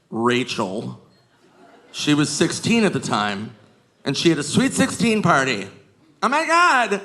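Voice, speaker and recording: Stand-up comic with a slow, drawn-out delivery. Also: male voice, sharp tone, a little hiss or hum. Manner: shrieking high put-on voices for drunk women. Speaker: stand-up comedian. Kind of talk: stand-up comedy set. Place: comedy club stage with a live audience. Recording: live club recording with crowd laughter.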